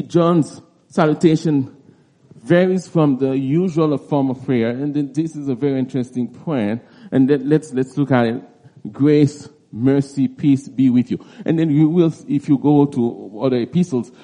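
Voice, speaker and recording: Slow halting preacher man, dark voice. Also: medium pitch. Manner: halting, with frequent restarts and repeated words. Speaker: preacher teaching a Bible passage. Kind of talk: expository Bible teaching.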